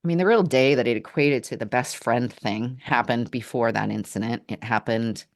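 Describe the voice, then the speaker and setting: Very low-voiced earnest woman storyteller. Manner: earnest, halting, with restarts. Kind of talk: reflective personal storytelling. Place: Portland area, Oregon.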